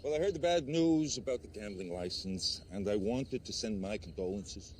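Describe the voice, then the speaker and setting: An actor playing a crude, boastful tycoon who talks over everyone, in a satirical comedy film. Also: male voice, fairly low pitch, expressive, normal speed, darkish tone, a little hiss or hum, natural voice. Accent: New York. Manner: boastful, interrupts, bossy, rambling.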